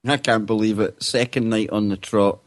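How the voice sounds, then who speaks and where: A man's voice: on the low side, fairly even intonation, moderate pace, dry recording. A man co-hosting a talk radio show, joking and teasing in casual banter. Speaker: radio co-host.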